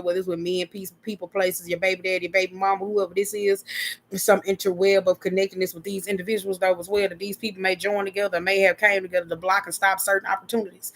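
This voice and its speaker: A young woman reads tarot cards in a loose, casual way. She talks at an ordinary middle pitch, full of slang and swearing. Her speech keeps circling back to the same filler phrases, and she slips into little acted-out voices of imagined people. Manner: drops into quick acted-out quotes of imagined people. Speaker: tarot reader. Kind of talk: casual tarot reading vlog.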